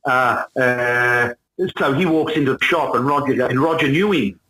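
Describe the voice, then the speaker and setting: A man in his sixties with an Australian accent, a musician guest telling lively stories and acting out the people in them. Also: mid-range voice, moderate pace, low-quality recording. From Melbourne, Australia. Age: 60s. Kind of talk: casual storytelling interview.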